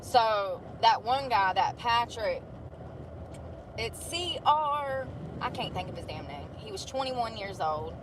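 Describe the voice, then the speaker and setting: A woman's voice: fairly high pitch, lively intonation, slow pace. A woman in her thirties chatting casually on a vlog, blunt and rambling, swearing freely as she tells stories. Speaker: vlogger. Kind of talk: casual chat. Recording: noisy outdoor street ambience.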